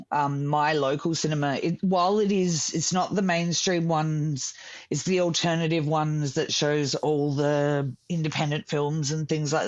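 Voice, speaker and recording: A talkative man with a fairly high voice tells rambling anecdotes in a loose podcast chat, circling back and restarting his sentences. His voice sits close and dry on a dull, lo-fi mic. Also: dry recording. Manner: chatty, rambling storyteller with many restarts. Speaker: podcast guest.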